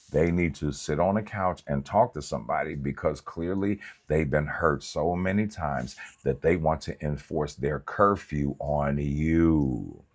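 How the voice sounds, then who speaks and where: A man with a very low, husky voice preaches like he's telling stories to friends. He is animated and colloquial, and he drifts into comic asides. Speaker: pastor.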